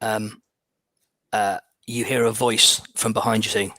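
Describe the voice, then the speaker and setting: A male game master narrating a tabletop adventure, often stopping to restart and repeat words. His voice is bright and clear at a middling pitch, recorded close and dry. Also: level tone, measured pace, no echo.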